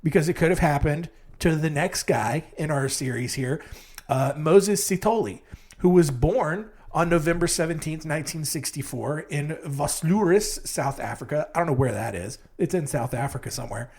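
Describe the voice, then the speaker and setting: A young man hosting a comedy true-crime podcast, with a slightly high voice that swings widely in pitch. He rambles and mocks himself, sleepy but still lively, with sudden squeaky jumps. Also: moderate pace, husky. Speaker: podcast host.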